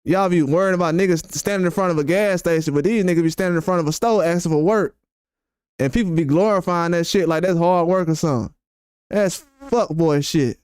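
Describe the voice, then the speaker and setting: A man's voice: fairly high pitch, a little mellow, clean tone, no echo, studio quality. A man hosting a boxing channel, ranting on a live stream in a blunt, profane and repetitive way. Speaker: boxing YouTuber host. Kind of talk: heated live-stream rant.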